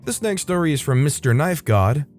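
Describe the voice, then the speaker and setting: A man's voice: fairly high pitch, very animated, moderate pace, a little mellow, faint music behind. A young man hosting a channel, reading online stories aloud and adding casual, wry commentary. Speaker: host.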